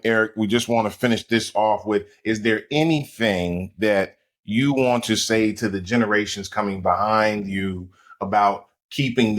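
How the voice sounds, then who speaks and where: Male podcast host, low voice, short affirming replies. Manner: brief, affirming interjections. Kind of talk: podcast interview.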